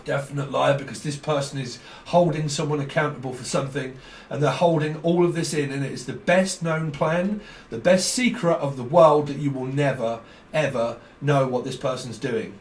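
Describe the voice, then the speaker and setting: A man giving a rambling tarot reading, talking fast, jumping between ideas and laughing often. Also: medium pitch, fairly even intonation. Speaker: tarot reader. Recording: roomy sound from a distant mic.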